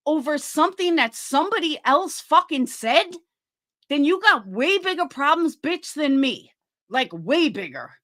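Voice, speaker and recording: A woman in a heated livestream rant who swears constantly and keeps a sarcastic bite. Her voice is high and very bright, with a sharp, cutting edge. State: fighting cancer. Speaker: livestream host.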